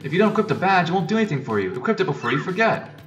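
A man's voice: sits high, sing-song, very fast, pitched above the performer's own voice. A man voicing a peppy, squeamish young female mushroom creature from a video game. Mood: chirpy. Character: chirpy know-it-all young female Goomba. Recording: distant mic with loud game music.

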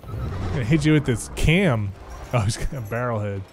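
A man's voice: medium pitch, animated, normal speed. Young man, casual gameplay commentary, chatty, swears, game music faintly behind. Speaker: game streamer. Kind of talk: casual let's play commentary.

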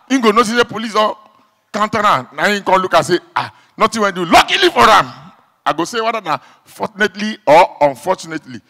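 A male stand-up comedian with a Nigerian Pidgin accent, telling stories in an animated way, shouting sound effects and acting out the people in them. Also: sits high, quick pace, big-room sound.

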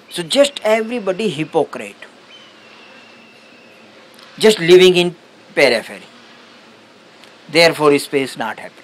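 A male spiritual teacher giving a satsang talk on meditation, speaking unhurried, halting English with many restarts. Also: fairly high pitch, rough recording.

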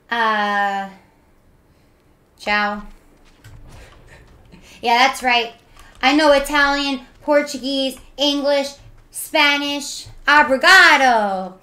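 A woman's voice: on the high side, a bit bright, reverberant. A young woman streaming a game, chatting casually and playfully with her viewers as she reads their messages aloud.

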